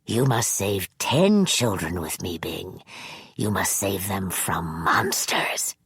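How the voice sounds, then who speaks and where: Sinister old man, slow solemn half-whisper, voiced by a female narrator; deep, dry booth sound. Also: animated, slightly rough, dry recording, heavily acted. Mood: coaxing. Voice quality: low hushed half-whisper. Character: sinister old man who kidnaps children, soft-spoken. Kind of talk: audiobook character voice.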